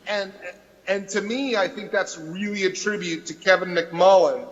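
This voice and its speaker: A man's voice: high voice, fairly bright tone, lo-fi sound. A man, a voice actor, answering audience questions on a convention panel in a joking, playful way. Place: large convention hall stage. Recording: convention hall reverb.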